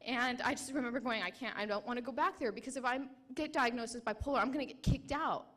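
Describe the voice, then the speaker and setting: A young adult woman, a military veteran, giving a personal testimony at a conference in an emotional, halting way with many restarts. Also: on the high side, a bit bright.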